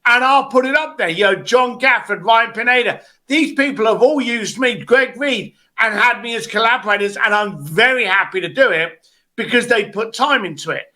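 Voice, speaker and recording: A man coaching on a video call, giving blunt, animated advice and acting out quotes. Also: very high-pitched, normal speed. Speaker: business coach.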